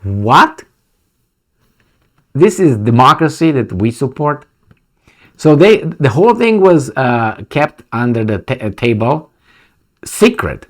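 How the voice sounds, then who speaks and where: A middle-aged man reads news aloud and rants about it, sarcastic and indignant, going from loud outbursts to muttered asides. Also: mid-range voice, sing-song, unhurried. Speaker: political commentary vlogger. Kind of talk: reading news and ranting.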